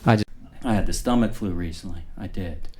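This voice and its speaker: A man doing a stand-up comedy set on stage with a dry, deadpan delivery. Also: deep voice, a little fast. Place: comedy club stage before a live audience.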